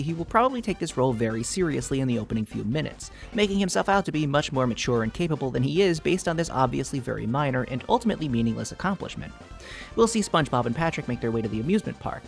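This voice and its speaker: A man's voice: mid-range voice, creaky. A man hosting a mock-serious theory video, analyzing with earnest, over-the-top seriousness while barely holding back laughter. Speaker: YouTube theory video host.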